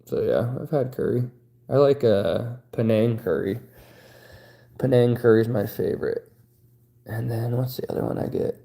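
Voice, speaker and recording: Low, gravelly-voiced man in his thirties. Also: moderate pace, long pauses, mellow. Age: 30s. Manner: laid-back, rambling, crude joking. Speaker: streamer. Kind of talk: casual livestream chat.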